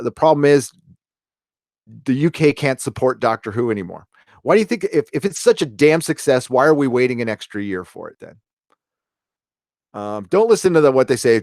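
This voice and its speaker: A man's voice: mid-range voice, no echo, clean studio sound. Middle-aged American man ranting on a livestream. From United States. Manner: ranting, casual, profane, many fillers and restarts. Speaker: livestream host. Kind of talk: livestream commentary and reading viewer chat.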